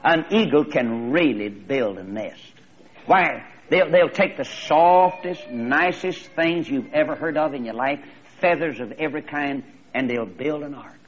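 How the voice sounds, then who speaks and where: A man preaching a storytelling sermon in a folksy, animated way, often repeating his phrases, on a slightly muffled recording. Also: on the high side, measured pace, slightly rough.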